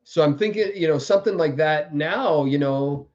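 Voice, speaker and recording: A man with a slightly high voice rambles through a live-stream monologue, stopping and restarting his sentences. He leans heavily on fillers. The audio is dull and lo-fi. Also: a little mellow. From French background. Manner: meandering, halting, repeats words and fillers. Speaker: livestream host.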